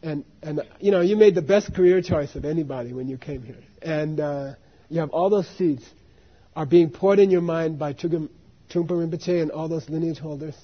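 A man's voice: on the high side, moderate pace, lo-fi sound. A man teaching students, telling a long story in a rambling way and asking "you see what I mean" again and again. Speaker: dharma teacher.

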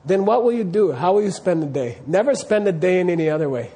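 High-voiced man teaching a dharma class. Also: animated, fast, warm tone. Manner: quizzes the class, keeps checking "you see what I mean?". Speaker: Buddhist teacher.

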